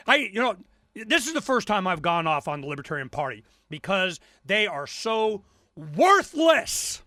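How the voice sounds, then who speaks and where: A talk radio host in full rant, his voice pitched very high and sharp. He piles up sarcastic questions, repeats himself and bursts into shouts. The sound is dry and close, with no room around it. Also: big pitch swings, unhurried, dry recording.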